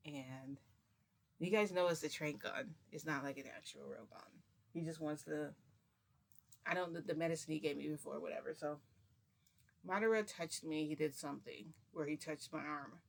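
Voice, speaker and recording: A woman's voice: sits low, moderate pace, vocal fry. A woman vlogger telling a long casual story to her viewers, chatty and rambling, with many restarts.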